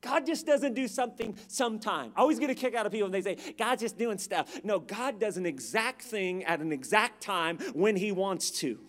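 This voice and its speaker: High-voiced emphatic male preacher. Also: expressive, brisk, hardly any pauses. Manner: dramatic, emphatic preaching with call-and-response. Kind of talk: sermon.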